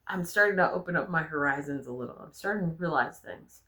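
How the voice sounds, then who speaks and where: A young adult woman vlogging, telling personal stories in a frank, animated way and swearing freely. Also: low voice, fast talker. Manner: frank, profane, animated storyteller. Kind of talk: candid personal storytelling.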